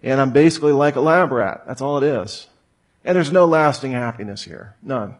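Husky-voiced man giving a jokey talk. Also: medium pitch, moderate pace. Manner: rhetorical questions, jokey asides, mock voices. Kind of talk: humorous lecture to an audience.

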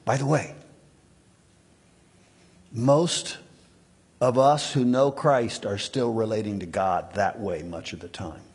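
A man's voice: lowish voice, slow pace, pauses often, a little mellow, breathy edge, in a large hall. A man preaching a sermon as a pastor, conversational and emphatic, acting out quoted lines.

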